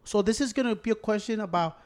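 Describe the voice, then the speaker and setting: A man from the United States telling a profane, animated story in casual chat with friends, switching between English and Spanish. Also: high voice, fast talker.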